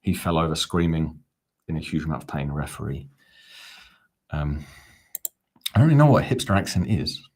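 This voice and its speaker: A man's voice: very deep voice, very animated, normal speed, pauses often, husky. A man hosting a live football fan watch-along, calling the play and chatting back to viewer comments. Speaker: fan channel host.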